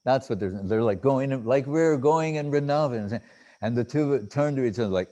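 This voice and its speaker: A man's voice: medium pitch, dark tone. A man speaks as a spiritual teacher in a devotional talk. He halts often, fills gaps with hesitations and restarts, and stumbles through recited Sanskrit verses. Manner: halting, with many fillers and restarts.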